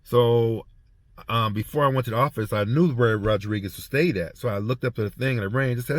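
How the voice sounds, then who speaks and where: A man's voice: mid-range voice, dry recording. A former prison officer talking through a casual spoken reflection, a man who halts and repeats words as he tells stories. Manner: halting, repeats words while storytelling. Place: heading home after treatment.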